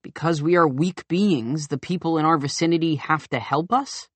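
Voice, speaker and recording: A man's voice: on the high side, normal speed, no echo, natural voice. A man voicing a skeptical young man who challenges a teacher with pointed questions and retorts in an audiobook dialogue.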